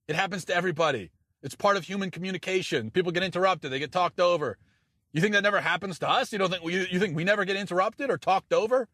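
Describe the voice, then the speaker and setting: A man's voice: high-pitched, fast, fairly bright tone, no room sound, clean studio sound. A man delivering a sarcastic, incredulous opinion monologue, often stumbling and restarting as he talks. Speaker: political commentator.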